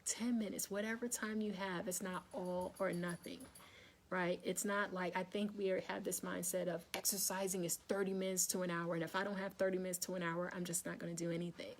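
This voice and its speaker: A woman's voice: lowish voice, steady tone, brisk, a little hiss or hum. A woman hosting a casual wellness live chat, talking straight to her viewers, calling them y'all, checking that they are still with her and repeating her points to encourage them.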